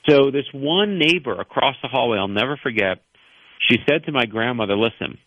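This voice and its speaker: A man from New York, an author guest on a radio talk show, telling personal stories in an earnest, animated way. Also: medium pitch, brisk, no room sound, lo-fi sound. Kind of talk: radio interview storytelling.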